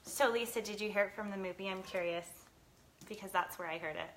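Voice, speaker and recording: A woman's voice: medium pitch, a little fast, a bit bright, a little hiss or hum. Chatty woman hosting a live kitchen stream. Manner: chatty, reads viewer comments aloud, laughs often. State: teary from cutting onions. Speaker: lifestyle show host. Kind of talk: live cooking stream chat. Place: home kitchen.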